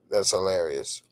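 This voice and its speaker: An American man hosting a late-night live stream, chatting with viewers in a relaxed, drawling way and laughing often. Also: deep voice. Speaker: streamer host.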